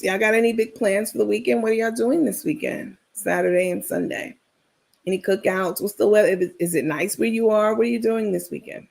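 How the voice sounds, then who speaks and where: A woman's voice: medium pitch, creaky. A woman hosting a livestream, chatting casually and digressing as she gossips and talks straight to her viewers. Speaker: livestream host.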